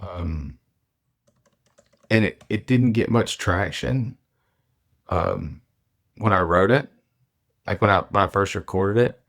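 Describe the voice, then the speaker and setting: A male author from Arkansas, chatting in a relaxed, halting way and then reading his own essay aloud. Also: low voice. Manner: relaxed, halting, with many ums and uhs. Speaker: author, guest.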